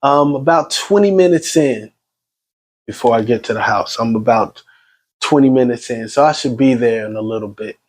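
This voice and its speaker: A shaken man tells what happened in a raw, halting voice. His pitch sits in an ordinary middle range, and he keeps breaking off and restarting. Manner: agitated, halting retelling with restarts. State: shaken and grieving. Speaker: son recounting his mother's death. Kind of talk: personal spoken testimony.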